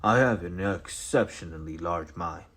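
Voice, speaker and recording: Guy reading as a sad mopey robot, super low voice, just drones along hopelessly. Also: moderate pace, fairly bright tone. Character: gloomy depressed male robot, droning.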